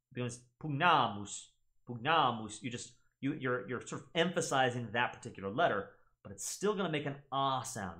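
Animated young man explaining things. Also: medium pitch. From United States. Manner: teacherly, checks in with "right?". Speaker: gaming channel host. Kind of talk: casual reaction and explainer.

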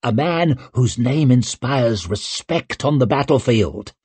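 Eager flattering noble schemer, guy voicing him, lively ups and downs. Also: mid-range voice, takes it slowly, slightly rough, voice pushed up. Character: eager plotting male nobleman.

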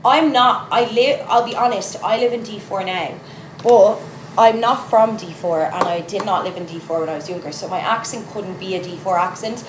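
A woman's voice: medium pitch, normal speed. Irish girl in her 20s rambling to her followers, says like a lot, echoey room with noise behind. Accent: Irish, a mix of Louth and Dublin. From Ireland. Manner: chatty, rambling, lots of "like". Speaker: TikTok creator. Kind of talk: casual chat to followers.

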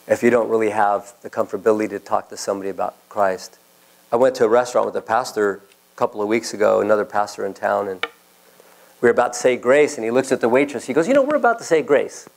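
Pastor guy, gravelly voice, tells stories in his sermon and does everyone's lines. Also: fairly low pitch, steady tone, fast, rough recording. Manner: storytelling, acts out quoted voices.

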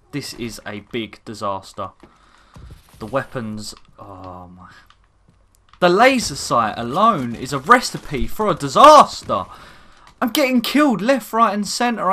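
Exasperated gamer, bright and animated. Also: mid-range voice. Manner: exasperated, ranting at the game. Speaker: gaming commentator. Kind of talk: gameplay commentary.

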